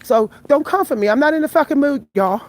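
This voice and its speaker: A tired, breathless woman in her forties vlogs live to her viewers while walking a street at night, filming on her phone and speaking bluntly with plenty of profanity. Her voice sits high with lively intonation and a fast pace, slightly mellow, with a faint hiss or hum in the background.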